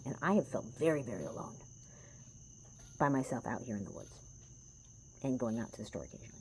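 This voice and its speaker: Very low-voiced woman talking tarot. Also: big pitch swings, quick pace, long pauses, a little hiss or hum. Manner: profane, passionate, rambling. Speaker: tarot reader. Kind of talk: casual vlog talk to viewers. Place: small house in the woods.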